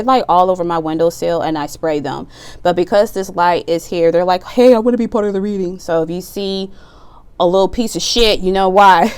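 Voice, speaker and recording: A woman's voice: on the low side, smooth. A woman giving a casual tarot reading, chatty and slangy, with laughs and loose asides. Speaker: tarot reader.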